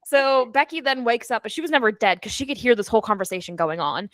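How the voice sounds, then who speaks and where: A woman's voice: a little high, expressive, fast talker, fairly bright tone, no room sound. A woman co-hosting a book club, animatedly retelling the story and acting out the characters' lines. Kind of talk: casual chat recapping a novel.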